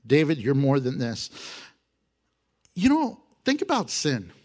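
A man preaching a sermon, exhorting his listeners with animated emphasis and chuckles. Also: medium pitch, measured pace.

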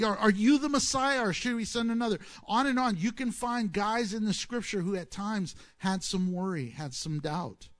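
A man preaching a sermon as pastor, lively and emphatic, then dropping low and soft into prayer.

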